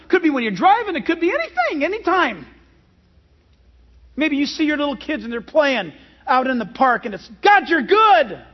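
A man preaching a sermon as a pastor, animated and emphatic, with many rhetorical questions. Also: very high-pitched, highs cut off.

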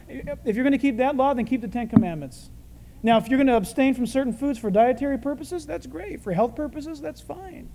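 A man's voice: very high voice, lively intonation, brisk, dark tone. Brief: humorous male preacher, conversational sermon, big hall echo.

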